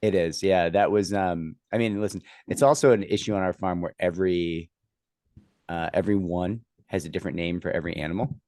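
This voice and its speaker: A man with a very deep voice talks in a rambling, easygoing way, full of fillers and restarts. The sound is dry and close. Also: fairly even intonation, brisk, a little mellow, dry recording. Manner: acts out others' lines when telling a story. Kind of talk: casual chat.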